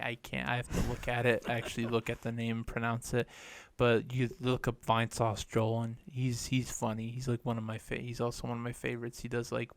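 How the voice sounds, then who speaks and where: A man on a casual podcast who speaks in a flat, level voice with little pitch movement. He throws in offhand, dry remarks, recorded close up in a dead, dry space. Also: vocal fry, no echo. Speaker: podcast co-host. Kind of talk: casual chat.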